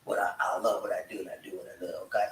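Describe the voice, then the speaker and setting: An energetic man hosting a casual home show, talking with a bright, forceful edge and hyping up his viewers. His voice sounds far from the mic, with a roomy echo and faint noise behind it. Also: low voice, rapid-fire. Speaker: show host. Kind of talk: casual live chat. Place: room at home. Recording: echoey room, voice from far off.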